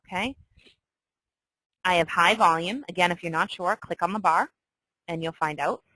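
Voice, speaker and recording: A chatty woman walks through a trading chart, her lowish voice bright and forceful. She is emphatic and keeps checking in with her listeners. The sound is dry, with no room around it. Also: normal speed, no room sound, rough recording. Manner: chatty, emphatic, often asks "okay?". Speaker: trading instructor. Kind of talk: screen-share trading tutorial.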